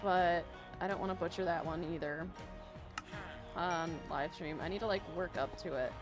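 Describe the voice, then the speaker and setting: Faint music plays behind a woman hosting a casual gaming live stream. Her voice sits lowish and moves at a moderate pace as she chats bubbly and rambling, reads out viewer messages, and laughs a lot.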